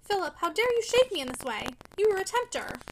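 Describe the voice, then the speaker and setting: A woman's voice: high-pitched, quick pace, bright, forceful tone, slight background noise. A woman voicing an earnest, tender young woman who speaks musingly in a storybook reading. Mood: alarmed. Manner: musing, tremulous.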